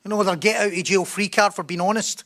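A man with a notably high voice delivers a sermon. He speaks with emphasis and drives his points home by repeating phrases. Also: steady tone, fast talker, fairly bright tone. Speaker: preacher.

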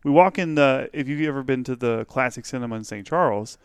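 A man in his thirties, co-hosting a podcast in casual chat. He explains at length and tells stories. His voice is smooth and clear, recorded dry and close. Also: mid-range voice, brisk, no echo. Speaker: podcast co-host.

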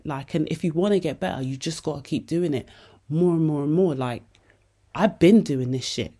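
A woman with a low, mellow, slightly rough voice speaks at a moderate pace. She hosts a podcast and gives candid, casual advice, swearing freely and calling her listeners "babes."

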